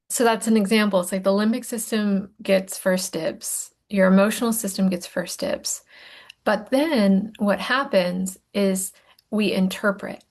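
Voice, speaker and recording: Woman, wellness coach, playful, self-mocking, conversational, soft whispered asides. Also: medium pitch, steady tone, moderate pace, creaky. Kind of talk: recorded training lesson.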